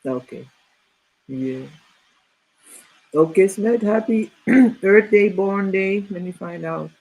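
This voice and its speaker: A woman's voice: mid-range voice, slow, darkish tone, rough recording. A middle-aged woman hosting a casual group chat, rambling with many fillers and restarts.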